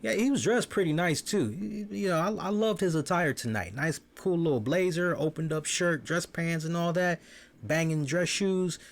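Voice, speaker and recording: A man talking through a wrestling review in a loose, casual way. His voice sits fairly high for a man. He gets animated, swears freely and stumbles over repeated words as he starts a thought. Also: moderate pace. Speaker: wrestling show host.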